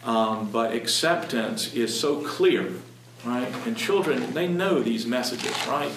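A man earnestly talking about Christian parenting in a halting, emphatic way. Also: mid-range voice, animated, a bit bright. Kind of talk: conversational talk. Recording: echoey room, distant mic, background noise.

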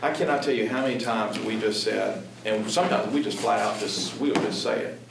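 A man with a lowish voice talks earnestly and emphatically about raising children in faith, pausing and restarting as he builds his point. He sits a little away from the mic in an echoey room with steady background noise. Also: vocal fry, distant mic. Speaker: parent speaking on Christian parenting. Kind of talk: conversational talk.

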